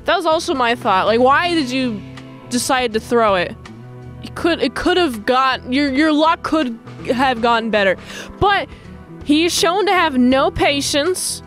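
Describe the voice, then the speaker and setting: A woman's voice: high voice, animated, a little slow, a bit bright, soft background music. A young woman recapping and reviewing a TV episode in a casual, rambling, chatty way. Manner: chatty, rambling, lots of fillers.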